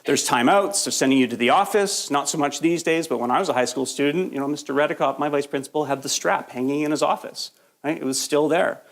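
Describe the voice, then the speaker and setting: A man's voice: fairly high pitch, fast, creaky. A man giving a live training lecture to a workshop audience, getting over a cold, talking in a conversational, jokey way and often checking in with "right?". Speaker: workshop presenter.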